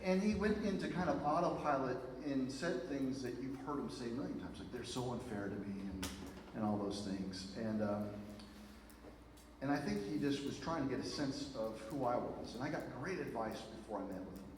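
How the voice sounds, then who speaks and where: A man's voice: mid-range voice, moderate pace. Man speaking in an echoey hall from afar. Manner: animated storytelling with frequent fillers and asides. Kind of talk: public speech to a live audience. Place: event hall with an audience. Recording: very echoey hall from far off, noisy.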